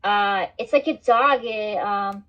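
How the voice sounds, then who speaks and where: A woman hosts a casual livestream, rambling and swearing, with "like" and "dude" in most sentences. Her medium-pitched, fairly bright voice moves slowly over dull lo-fi stream audio.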